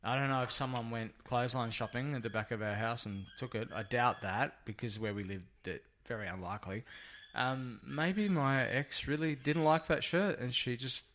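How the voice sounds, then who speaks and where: A man in casual chat as a podcast co-host, animated and quick to jump in with playful exclamations. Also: mid-range voice.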